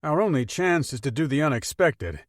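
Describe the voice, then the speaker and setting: A man voicing a wry male pilot and bodyguard who jokes under fire, clipped and quick. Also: a little high, expressive, no echo, studio quality, voice pushed up. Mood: urgent.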